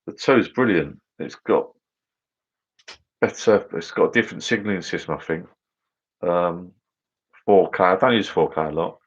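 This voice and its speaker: A man's voice: low-pitched, moderate pace, pauses often, husky. A middle-aged English man hosting a casual livestream from his garden bar, chatting and answering viewers in a rambling, matey way. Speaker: livestream host. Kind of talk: casual live chat reading viewer comments. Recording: dull lo-fi livestream audio.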